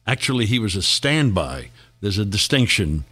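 A man's voice: lowish voice, sing-song, normal speed, sharp tone. An older man, a guest actor, reminiscing in a casual interview, rambling through stories and chuckling often.

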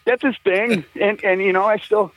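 A man's voice: sits high, steady tone, moderate pace, a bit bright, dry recording. An older man, a musician guest, telling rambling, profane stories in a casual chat and laughing often. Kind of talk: casual storytelling. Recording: tinny phone line, dry.

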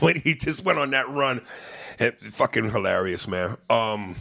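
Gravelly husky dude cussing loud in a casual chat, real animated. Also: male voice, mid-range voice, a little slow. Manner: loud, animated, swears freely.

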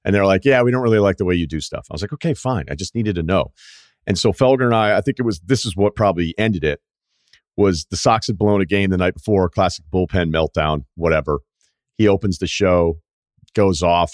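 A man from the Boston area hosting a podcast, telling stories in a casual, animated way, acting out quotes and swearing freely. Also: low voice, fast, no room sound, studio quality. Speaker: podcast host and longtime radio host. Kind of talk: casual storytelling chat.

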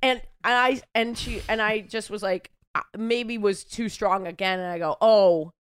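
A woman in easy podcast chat, mid-pitched and conversational. She tells her stories with energy, slipping into the voices of the people she quotes. Laughs come easily to her. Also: normal speed, smooth. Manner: animated storyteller, acts out quotes, laughs often.

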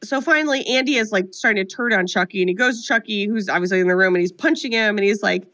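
A woman co-hosting a podcast, retelling a film plot in a casual comedic way, animated and profane with lots of "like". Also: medium pitch, quick pace. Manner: animated, profane storytelling full of "like". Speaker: podcast co-host.

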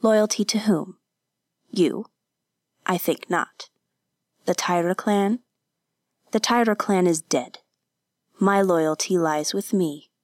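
A calm, mercenary ninja spy, voiced by a woman reading aloud. He bargains coolly and unhurriedly, his voice pitched a bit above the narration. The sound is dry and close. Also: slow pace, pauses often, no room sound. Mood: bargaining.

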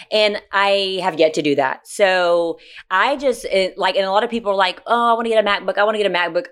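A woman co-hosting a casual podcast chat, telling stories in an animated, profane way. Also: on the low side. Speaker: podcast co-host.

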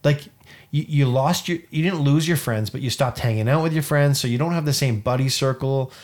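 A man's voice: mid-range voice, a little fast, darkish tone. A man in his thirties from Canada, co-hosting a podcast and telling a personal story in an earnest, rambling way with many restarts. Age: 30s. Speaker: podcast co-host. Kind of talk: casual chat.

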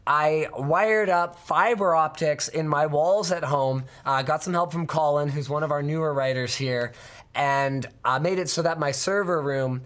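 A man hosting a casual podcast chat, sick and hoarse, talking in an exasperated, ranting way. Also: fairly high pitch, measured pace, fairly bright tone. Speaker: show host.

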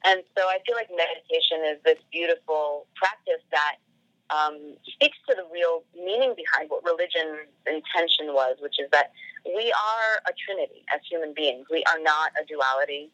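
A woman's voice: low voice, normal speed, pushed and bright, dry recording, highs cut off. A woman guest on a podcast telling a personal story casually, full of "like" fillers and acted-out quoted dialogue.

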